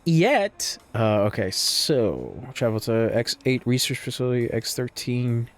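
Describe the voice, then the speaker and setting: A man commenting casually as he plays a game. He sounds drowsy and rambling, stumbling over his words and swearing. His voice sits in a middle pitch, with faint game music underneath. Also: moderate pace. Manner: rambling and sleepy, with lots of fillers, restarts and swearing. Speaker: gamer playing and commenting.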